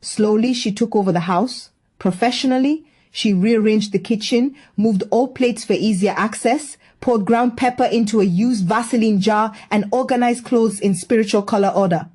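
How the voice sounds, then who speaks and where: A woman's voice: fairly high pitch, moderate pace, few pauses, a little mellow. A woman telling a scripted story in a wry, gossipy manner.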